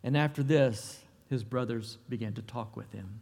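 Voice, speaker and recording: Preacher guy telling family stories, chatty, keeps restarting, mid pitch, big echoey church. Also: moderate pace, vocal fry, hardly any pauses, darkish tone. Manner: folksy, conversational, with many restarts. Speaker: pastor. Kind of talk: sermon with prayer and storytelling.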